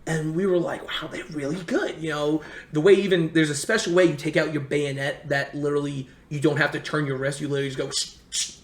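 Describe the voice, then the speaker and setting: A young man in casual chat, telling a long story in an animated way and acting out what others said. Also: on the high side. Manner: animated, fast storyteller who acts out quotes. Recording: roomy echo.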